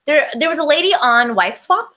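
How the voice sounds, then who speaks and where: A woman co-hosting a comedy podcast, telling stories in an animated, teasing way. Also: high voice, normal speed. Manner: animated storyteller, teasing, sighs and apologizes. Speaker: podcast co-host. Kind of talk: casual comedy chat.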